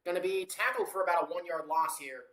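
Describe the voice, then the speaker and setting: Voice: mid-range voice, fast talker, a bit bright. Casual solo sportscaster in a roomy room. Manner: casual, rambling asides with fillers and self-corrections. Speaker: amateur play-by-play commentator. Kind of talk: solo play-by-play over a live watchalong.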